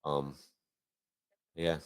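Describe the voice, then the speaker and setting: A man's voice: rumbling low, little pitch movement, very slow, clean tone, no room sound, studio quality. A man in his forties in casual, joking conversation as a guest on a live stream. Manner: joking, teasing. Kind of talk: casual chat.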